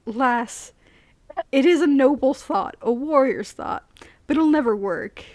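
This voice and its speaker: A woman voicing a gruff, bad-tempered older male soldier who roars and snarls in a rough attempted Scottish burr. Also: high voice, lively intonation, unhurried, a little mellow, dry recording.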